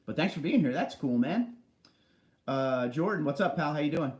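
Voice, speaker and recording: A man's voice: fairly high pitch, animated, normal speed, darkish tone, roomy sound, rough recording. A man hosting a casual livestream, reading viewer comments aloud and answering them from a large basement room. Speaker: livestream host.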